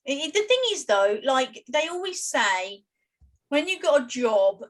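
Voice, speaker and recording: A woman with a British accent, co-hosting a podcast and telling work stories in a chatty, expressive way. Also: high voice, measured pace, poor audio. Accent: British English. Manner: chatty, expressive, with many fillers and asides. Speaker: podcast co-host. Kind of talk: casual storytelling chat.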